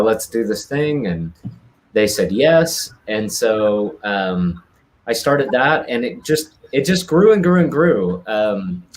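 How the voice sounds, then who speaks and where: Relaxed, chatty American man in his thirties. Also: lowish voice. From Utah, United States. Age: 30s. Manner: relaxed, chatty storyteller with teasing humor. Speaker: guest, theater director. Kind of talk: casual conversation.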